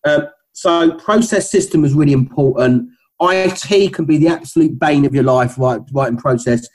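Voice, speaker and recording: Husky middle-aged Cockney man. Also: a little high, moderate pace, rough recording. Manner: rambling, with many restarts and fillers. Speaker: business founder guest. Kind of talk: casual interview talk.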